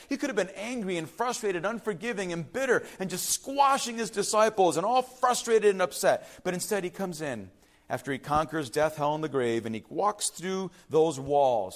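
A man preaching a sermon, swinging between loud urgent passages and soft hushed ones. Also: sits high, expressive, normal speed. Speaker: pastor.

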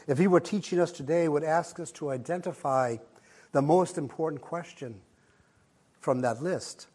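A hoarse-voiced male pastor giving a measured morning devotional, dropping low and soft at the ends of phrases. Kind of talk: short morning devotional sermon.

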